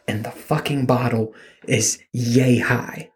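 A man's voice: medium pitch, moderate pace. A man in his thirties hosting a podcast, telling rambling, self-mocking stories about his kids in a casual, profane, joking way. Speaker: podcast host. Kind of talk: casual comedic storytelling.

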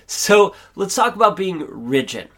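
A man's voice: high-pitched, sing-song, unhurried, sharp tone. A man hosting his own podcast and giving an upbeat, earnest, chatty pep talk. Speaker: podcast host. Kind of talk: motivational solo podcast monologue.

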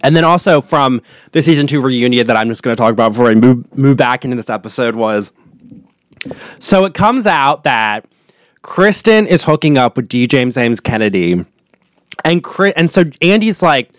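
This solo podcast host speaks at normal speed in an expressive mid-range voice that is getting hoarse. He chats casually and gossips animatedly about reality television, swearing freely. Recorded on a studio podcast mic, the audio is clean with no room sound.

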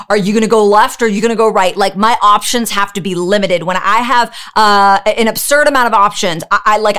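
A woman's voice: on the high side, fairly bright tone. A woman hosting a motivational podcast, talking energetically and preachily, with rhetorical questions aimed straight at the listener. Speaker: podcast host.

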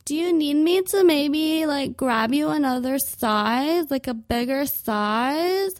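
A fake-sweet young shop girl, put on by a woman in a raised, high voice. She stretches every word into a sugary, pushy offer of help. The sound is dry and close. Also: takes it slowly, dry recording.

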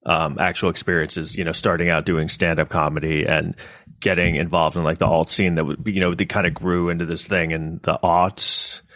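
A man hosting a podcast in casual chat, talking in a halting, hesitant, self-deprecating way on a close mic. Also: deep voice, fairly bright tone, no room sound. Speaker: podcast host.

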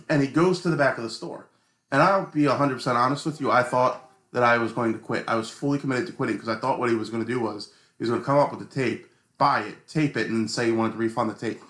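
A man co-hosting a casual podcast, telling an animated, exasperated story about a customer. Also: medium pitch, quick pace, reverberant. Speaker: podcast co-host. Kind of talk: casual chat.

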